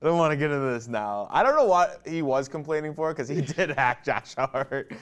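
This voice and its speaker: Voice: medium pitch, animated, fairly quick. A co-host chatting casually about a live game, laid-back and skeptical, laughing easily. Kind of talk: casual sports banter.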